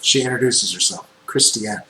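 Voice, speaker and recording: A man running a tabletop game as game master, describing scenes in unhurried narration with frequent ums. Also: on the low side, pushed and bright. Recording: echoey room with faint noise.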